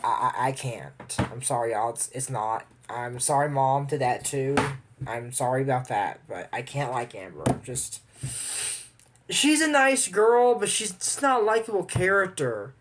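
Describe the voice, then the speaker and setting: A young man talks through a children's cartoon episode in a loose, rambling commentary. His voice sits at a middle pitch for a man. He drifts into tangents and keeps adding apologetic asides. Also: expressive, moderate pace, background noise. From Amarillo, Texas. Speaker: cartoon reviewer. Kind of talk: casual commentary.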